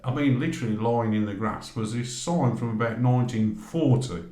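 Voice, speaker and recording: A man tells a long anecdote in an easygoing podcast chat. He jumps into quoted voices as he plays out both sides of an argument. His voice sits at an ordinary middle pitch and carries a noticeable echo off the room. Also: moderate pace, dark tone. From England, from Great Barr. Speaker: podcast guest telling a travel story. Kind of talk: casual anecdote storytelling. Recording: roomy echo.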